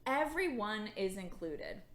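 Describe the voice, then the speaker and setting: Slow, lively woman teaching children. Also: medium pitch. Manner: slow, animated and playful, with yawns. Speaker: children's church leader. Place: church. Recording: echoey room.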